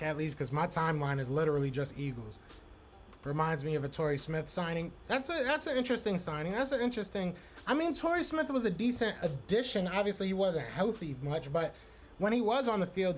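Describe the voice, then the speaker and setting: A man hosting a live podcast stream, casually reacting to chat and repeating himself. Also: sits high. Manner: loose, repetitive, talks to chat by name.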